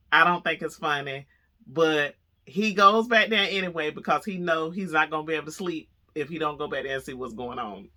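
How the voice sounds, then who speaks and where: A woman vlogger telling a story to camera, chatty and animated, laughing as she goes. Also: low-pitched.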